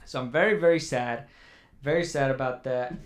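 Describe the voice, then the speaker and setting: A man's voice: mid-range voice, moderate pace. A young man hosting a casual chat, rambling and swearing in mock mourning. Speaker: podcast host.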